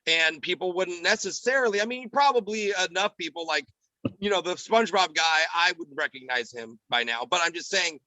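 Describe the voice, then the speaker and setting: A man talking quickly and with animation in a casual podcast chat, a comedian and radio host. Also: high-pitched, dry recording, poor audio. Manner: animated, quick, drops into character voices.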